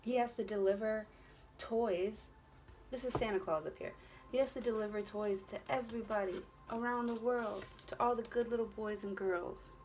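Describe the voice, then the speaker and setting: A tarot reader, a woman with a fairly high, darkish voice, speaks at a moderate pace with fairly even intonation. Doing a casual reading straight to the camera, she's earnest and encouraging, rambling and repeating herself, leaning on "you know" and plenty of other filler, and swearing freely.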